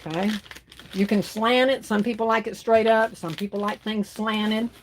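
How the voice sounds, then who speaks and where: A woman's voice: mid-range voice, fairly even intonation, normal speed, a little hiss or hum. A woman hosting a casual livestream, demonstrating gift baskets and chatting to viewers as "y'all". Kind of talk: casual live demonstration talk.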